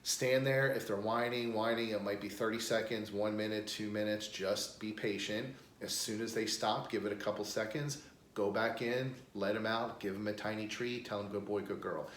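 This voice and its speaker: A man's voice: lowish voice, steady tone, normal speed, fairly bright tone. An American man working as a dog trainer, plainly explaining crate training step by step and breaking into upbeat praise. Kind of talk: instructional demonstration. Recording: echoey room with faint noise.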